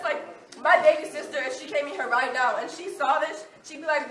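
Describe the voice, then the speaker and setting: High-voiced teen girl, defiant public comment, echoey room, far from mic, crowd behind. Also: fairly quick, fairly bright tone. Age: teens. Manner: defiant, angry, laughing between words. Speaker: student speaking at public comment. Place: crowded school meeting room.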